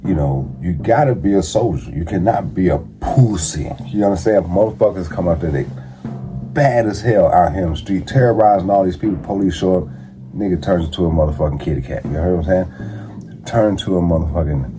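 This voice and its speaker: Blunt, profane deep-voiced man over music. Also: fairly quick. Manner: blunt, profane street slang. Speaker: vlogger giving street advice. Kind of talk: casual conversational monologue. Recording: music playing behind the voice.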